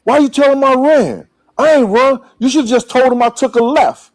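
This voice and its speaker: A man doing a high, shrill voice of an indignant man protesting in a retold story. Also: normal speed, no room sound.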